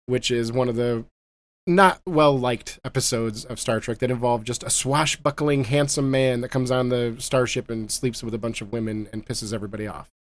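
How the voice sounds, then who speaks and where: A man hosting a podcast, chatting casually about a movie, animated and quick to laugh. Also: medium pitch. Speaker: podcast host. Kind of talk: casual movie-review chat.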